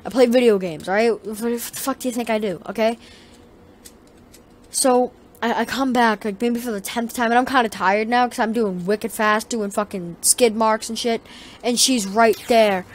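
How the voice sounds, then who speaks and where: A woman tells a casual vlog story in a slightly high voice. She rambles, swears freely and gets animated as she goes. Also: moderate pace. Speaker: vlogger.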